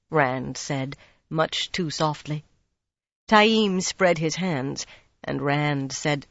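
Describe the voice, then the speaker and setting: A narrator reading a fantasy novel aloud in a steady, measured way. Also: mid-range voice, gravelly, no room sound, muffled recording. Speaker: audiobook narrator.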